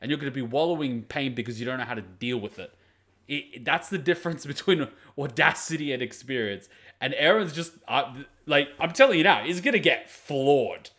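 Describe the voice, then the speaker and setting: Animated, blunt man reacting to anime. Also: mid-range voice, fairly quick. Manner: blunt, profane, mocking critique. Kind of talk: casual reaction commentary.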